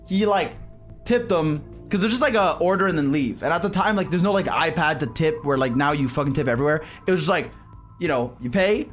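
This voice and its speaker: A young man from Canada telling a rambling story while gaming on stream, swearing freely and animated. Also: a little high. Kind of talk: casual gaming stream chat.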